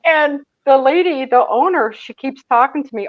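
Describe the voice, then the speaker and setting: A psychic medium from Michigan, USA, tells a story as a guest in a casual interview, her high-pitched voice moving at a moderate pace. She laughs often and acts out the voices she quotes; the recording is muffled but has no echo.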